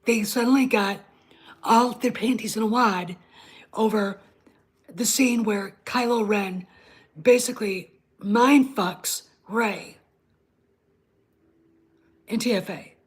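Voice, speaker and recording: A woman's voice: on the high side, slow pace, pauses often, slightly rough. A woman hosting her own online show, ranting bluntly and with plenty of swearing while talking straight to her live chat. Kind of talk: casual livestream rant.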